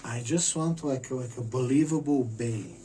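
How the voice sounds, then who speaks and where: A man's voice: mid-range voice, normal speed, mellow, a little hiss or hum. Rambling, stammering man in a vlog. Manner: rambling, profane, stammering restarts. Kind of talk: casual vlog monologue.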